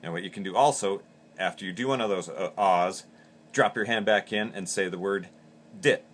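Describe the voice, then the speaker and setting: Low, bright-toned man explaining plainly. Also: moderate pace. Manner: plain, practical, explains step by step with repeated words. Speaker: call maker instructor. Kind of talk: instructional demonstration.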